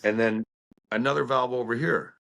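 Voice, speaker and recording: A man telling stories about working on ships in a casual, animated way. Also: medium pitch, moderate pace, vocal fry. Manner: animated storyteller who acts out quotes. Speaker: guest, ship engineer. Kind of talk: casual storytelling chat.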